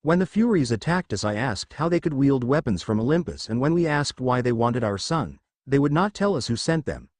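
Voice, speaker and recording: A man's voice: medium pitch, expressive, fairly quick, hardly any pauses, darkish tone, dry recording, clean studio sound, lightly acted. A man reading as a proud demigod pleading innocence. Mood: earnest. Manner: pleading earnestly.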